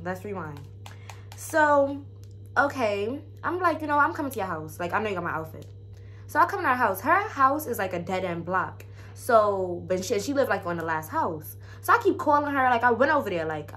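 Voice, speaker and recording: A young woman vlogger telling an animated, slangy story to her viewers, dropping into low asides. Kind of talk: casual storytime vlog.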